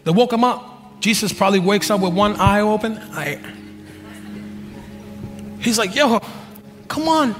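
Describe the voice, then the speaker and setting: A man in his thirties, a pastor, preaching a sermon with jokes, dropping to low asides and rising to shouted peaks. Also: measured pace, long pauses, soft background music. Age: 30s. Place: church hall. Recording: long reverb of a large hall.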